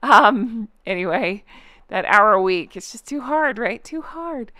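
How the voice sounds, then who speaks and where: A woman's voice: mid-range voice, lively intonation, measured pace, pushed and bright, no room sound. Woman, reaction host, chatty and giggly, casual asides, close dry sound. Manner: chatty, giggly, lots of fillers and asides to viewers.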